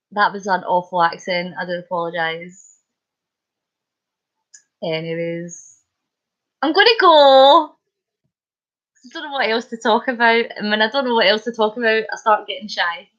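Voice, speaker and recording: A woman's voice: mid-range voice, moderate pace, pauses often, fairly bright tone. Chatty Scottish woman, lo-fi live stream. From Scotland. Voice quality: bubbly, chatty, laughs often. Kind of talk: casual live-stream chat. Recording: dull lo-fi stream audio.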